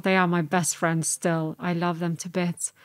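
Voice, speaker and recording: A woman's voice: on the low side, level tone, unhurried, no room sound. Earnest woman recounting her story. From Serbia. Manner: earnest, reflective, re-enacts her past self's words. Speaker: podcast guest. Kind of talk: personal storytelling in an interview.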